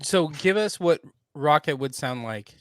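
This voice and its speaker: Guy on a nerd podcast, kinda high voice, upbeat, keeps egging the others on, dry sound. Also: lively intonation, a little slow, a bit bright, dry recording. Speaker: podcast co-host. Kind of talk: casual pop culture chat.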